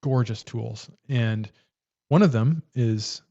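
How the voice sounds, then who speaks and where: A man's voice: medium pitch, slow, vocal fry, dark tone. Casual male co-host, rambly show-and-tell delivery, dull lo-fi stream sound. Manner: rambling, shows and demonstrates tools on camera. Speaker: livestream co-host. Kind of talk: casual livestream chat.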